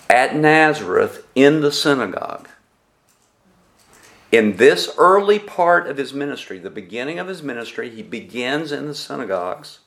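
Man, pastor, preaching a sermon, very slow delivery, mid-pitched voice, rhetorical questions.

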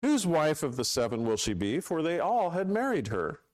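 A man voicing sarcastic, scheming male questioners in a mocking, high sing-song while reading scripture aloud. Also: big pitch swings, moderate pace, no room sound.

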